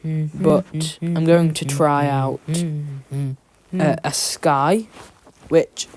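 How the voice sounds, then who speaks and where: A woman's voice: low voice, steady tone, very slow. A woman giving a rambling, self-deprecating voice-over as she draws, full of ums. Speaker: YouTuber narrating a drawing. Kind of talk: casual voice-over commentary. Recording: loud music behind the voice. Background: loud background music.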